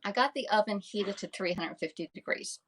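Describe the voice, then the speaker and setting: A woman's voice: mid-range voice, fairly quick. A woman hosting a casual live cooking demo from her home kitchen, filmed on a phone camera. She chats with viewers, thanks them by name and keeps tagging "all right?" onto her sentences. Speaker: live-stream host selling kitchenware.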